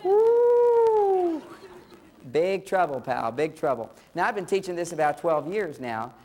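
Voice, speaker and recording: A middle-aged man holding forth in a lively seminar talk about relationships, explaining with humor. He talks straight to his listeners in a conversational way. He drops into little acted voices for husbands and wives. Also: high voice. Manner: animated, acts out spouses' lines in quoted voices; conversational, addresses listeners directly. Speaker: relationship lecturer.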